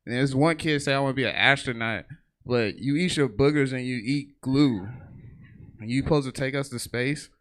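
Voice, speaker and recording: A man's voice: mid-range voice, normal speed. A man doing a profane stand-up comedy set on a theater stage, telling stories and briefly acting out other people's voices. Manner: profane, storytelling, acts out voices in bursts.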